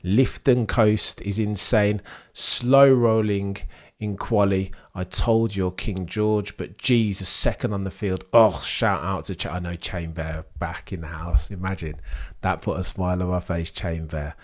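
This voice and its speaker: Low-voiced chatty British man. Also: measured pace. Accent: British English. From England. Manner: chatty, rambling, easily excited. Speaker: livestream host. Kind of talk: live sports watchalong commentary, reading chat.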